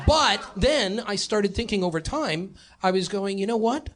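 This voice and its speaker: A man with a somewhat high voice tells a story from his own life in relaxed podcast talk. He delivers it wryly, with dry asides. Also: moderate pace, music in the background. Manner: wry anecdote teller, dry asides. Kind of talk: casual chat.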